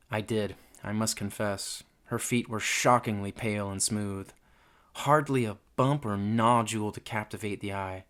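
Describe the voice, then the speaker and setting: A man's voice: lowish voice, fairly even intonation, unhurried, a bit bright. A man narrating a comic audiobook in a mock-earnest, wry manner.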